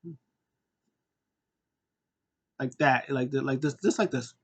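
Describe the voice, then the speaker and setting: A man giving a casual, excitable recap of a wrestling show, acting out scenes in raised voices. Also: medium pitch, a little fast, husky.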